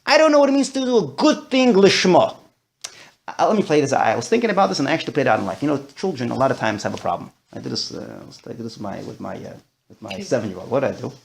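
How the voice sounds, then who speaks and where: A man's voice: medium pitch, lively intonation, fast, gravelly. A man teaching a discussion-style class, talking animatedly and mixing in Yiddish and Hebrew terms. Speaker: Torah teacher.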